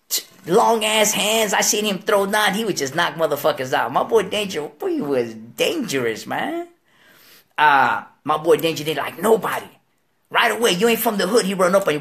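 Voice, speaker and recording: Male guest, storyteller type, slangy and profane, swings his pitch around, rough fry in the voice. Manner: animated, profane street slang, acts out quoted voices. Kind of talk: storytelling interview.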